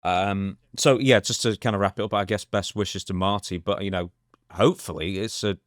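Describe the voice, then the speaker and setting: A man's voice: deep voice, fairly even intonation, moderate pace, dry recording, clean studio sound. A man co-hosting a casual chat, giving facts in a matter-of-fact way. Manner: matter-of-fact, gives details. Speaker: co-host.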